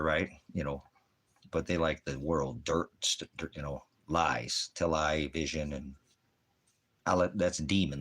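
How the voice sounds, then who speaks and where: Very deep husky male street preacher. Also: a bit bright. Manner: rambling, sarcastic, talks to his dogs. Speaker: pastor. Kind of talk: rambling preaching vlog.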